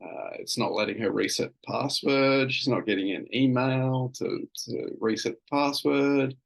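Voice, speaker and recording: A man's voice: medium pitch, steady tone, unhurried, gravelly, poor audio. A man hosting a casual solo podcast, telling an everyday story in a rambling, self-amused way with plenty of fillers and restarts. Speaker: podcast host.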